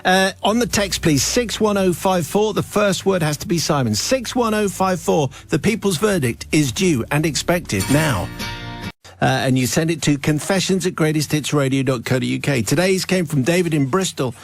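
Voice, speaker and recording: English male radio presenter, middle-aged, slightly high voice, jokey, studio mic. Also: animated, moderate pace, creaky, faint music behind. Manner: jokey, reads listener letters. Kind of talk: radio show banter. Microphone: studio microphone.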